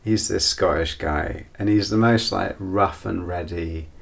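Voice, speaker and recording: Low gravelly guy just rambling thru a story, reflective, lots of asides. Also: a little slow. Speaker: channel host. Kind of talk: casual storytelling monologue.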